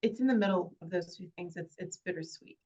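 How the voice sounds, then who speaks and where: A woman, an actress, talking in an interview in a heartfelt, halting way with many fillers and restarts. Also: lowish voice, dark tone, dull audio. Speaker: actress guest. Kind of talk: casual interview chat.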